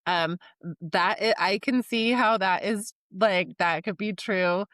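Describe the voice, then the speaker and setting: A woman co-hosting a casual podcast, her voice smooth and clear at a middling pitch. She talks loosely and fills her sentences with "like", recorded dry and close. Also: measured pace, a bit bright, no echo. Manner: casual, lots of filler "like". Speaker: podcast co-host.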